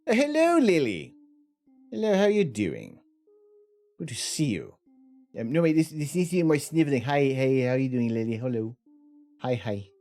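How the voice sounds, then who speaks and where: A man's voice: mid-range voice, big pitch swings, normal speed, long pauses, mellow, faint music behind, voice pushed up. A man voicing a sniveling mustached character with a wandering put-on accent, as a livestream bit. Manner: sniveling, exaggerated greetings.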